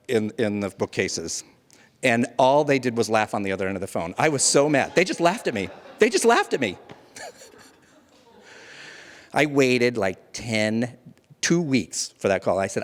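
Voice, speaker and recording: A man, around his thirties, telling a personal story live to an audience, animated and often laughing at himself. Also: mid-range voice. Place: museum event space before a live audience. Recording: long hall reverb.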